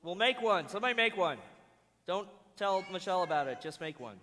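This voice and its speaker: Joking bright-voiced man in a hall. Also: high-pitched, expressive, brisk. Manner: joking, playful, plugs merchandise. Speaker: host. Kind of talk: casual live-stream banter.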